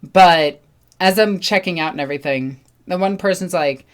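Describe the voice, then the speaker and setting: Young woman, casual storytelling, slightly low voice, animated, acts out dialogue. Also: moderate pace, a little hiss or hum. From New York. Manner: animated, acts out other people's lines. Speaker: channel host.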